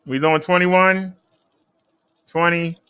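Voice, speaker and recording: A man's voice: a little high, steady tone, takes it slowly, bright, forceful tone, clear, resonant tone. A man hosting a casual live stream, chatting with viewers in a laid-back, direct way. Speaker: live-stream host reviewing e-bikes.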